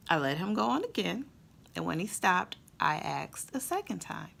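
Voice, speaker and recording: A woman and mother telling a family story in a casual, expressive way, then drawing a faith lesson from it. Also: fairly low pitch, moderate pace, creaky, a little hiss or hum. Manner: conversational, expressive, with fillers. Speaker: mother and Christian vlogger.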